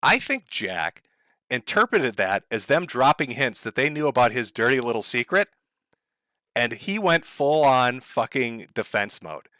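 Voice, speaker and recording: A man's voice: mid-range voice, very animated, measured pace, bright, forceful tone, no echo, clean studio sound. A man giving mocking, profane online commentary, sarcastic and laughing at his own jokes.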